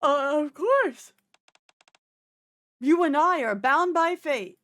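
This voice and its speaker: A woman's voice: high-pitched, lively intonation, normal speed, pitched above the performer's own voice. A woman voicing a timid, clingy shut-in girl who stammers and apologizes in a panic. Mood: devoted.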